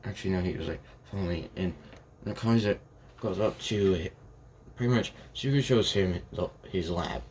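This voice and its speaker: A young man with a low, deep voice tells a fan-made story off the cuff. He rambles, backtracks and keeps quoting the characters' lines in his own everyday voice. Faint ambient noise sits behind him. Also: normal speed, darkish tone. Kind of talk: improvised fan story narration.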